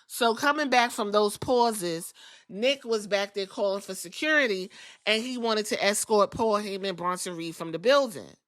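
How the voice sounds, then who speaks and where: A woman's voice: medium pitch, normal speed. A woman hosting a podcast, giving a casual wrestling recap in a blunt, profane, sassy way. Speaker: podcast host.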